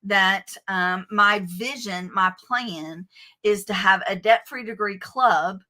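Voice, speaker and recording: A woman with a Southern American accent, a guest author telling stories in a lively, animated way. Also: medium pitch, slow. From United States. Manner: lively, animated storytelling with self-corrections. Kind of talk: conversational interview.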